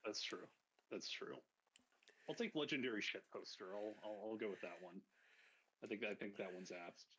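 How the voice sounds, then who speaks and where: A man with a deep voice, a guest on a live stream, chatting in a laid-back, joking way. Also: expressive, normal speed, sharp tone, breathy edge, rough recording. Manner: laid-back, self-deprecating humor. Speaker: guest artist. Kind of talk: casual live-stream chat.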